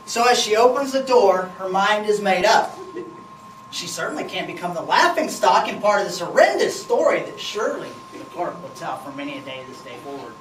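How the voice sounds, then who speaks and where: A woman's voice: mid-range voice, very animated, fairly quick. A woman telling a funny story, laughing as she goes. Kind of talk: humorous spoken storytelling. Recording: roomy, distant, noisy.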